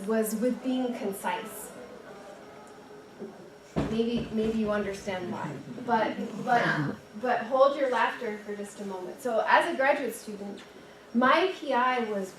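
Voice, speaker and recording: A young woman giving a chatty, animated storytelling talk at a dinner event, full of "like"s and restarts. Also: on the high side. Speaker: guest speaker and storyteller. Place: dinner event room, indoors. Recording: echoey room, distant mic, background noise.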